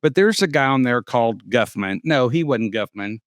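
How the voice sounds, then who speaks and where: A man co-hosting a comedy podcast, dry and deadpan. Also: medium pitch, moderate pace, no room sound. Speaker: podcast co-host. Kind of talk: casual comedic chat.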